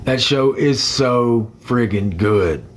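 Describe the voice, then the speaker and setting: A man's voice: medium pitch, expressive, slow pace. A young man chatting casually on a phone livestream, rambling and greeting commenters by name.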